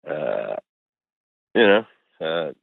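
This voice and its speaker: A middle-aged man with a deep, low voice chats in a laid-back, rambling way, full of fillers and cuss words. He comes through a thin, phone-like remote line with no room sound at all. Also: sing-song, very slow, creaky, husky, no echo. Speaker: guest musician. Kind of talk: casual interview chat over a call.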